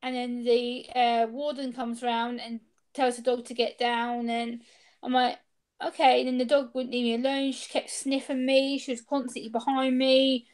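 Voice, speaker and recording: A young woman tells a personal story over a video call. Her voice sits a little high, and she jumps into the voices of the people she quotes. The delivery is casual and lively. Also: moderate pace. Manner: animated, acts out quoted exchanges. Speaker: interview guest.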